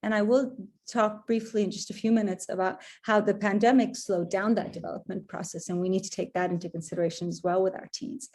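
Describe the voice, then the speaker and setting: A middle-aged woman leads an online parenting workshop. Her voice is warm and mellow, and she talks in an easy, conversational way, often circling back and restarting phrases. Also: medium pitch, steady tone, a little fast, hardly any pauses.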